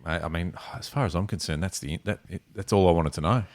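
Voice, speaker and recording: A man's voice: deep voice, quick pace. A man hosting a podcast, rambling and laughing in casual chat. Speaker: podcast host.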